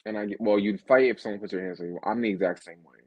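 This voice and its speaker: A man's voice: fairly low pitch, racing, husky, no room sound. A man hosting a casual interview, teasing and playful, acting out quotes as he asks questions. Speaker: interviewer, host. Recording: dull, dry lo-fi recording.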